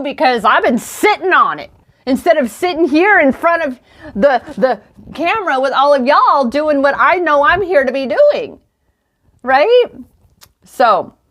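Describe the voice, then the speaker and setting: Slow-spoken woman giving a card reading. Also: high-pitched. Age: 40s. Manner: affirming, repetitive, heartfelt. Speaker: intuitive coach and tarot reader. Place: indoors in front of a camera.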